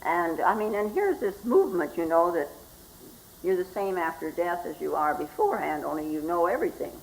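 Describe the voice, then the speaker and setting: An older woman, a Zen teacher, giving a slow, reflective spoken talk and often asking "hmm?" as she goes. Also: on the low side, lively intonation, gravelly, poor audio. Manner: slow and reflective, with frequent questioning "hmm?" asides.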